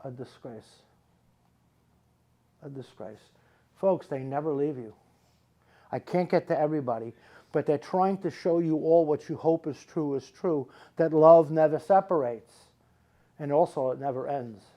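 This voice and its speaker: Working a live audience with psychic readings, a middle-aged man talks at a normal speed in a voice pitched a little high. His emphatic, rambling runs repeat words again and again for emphasis, and the sound is lo-fi.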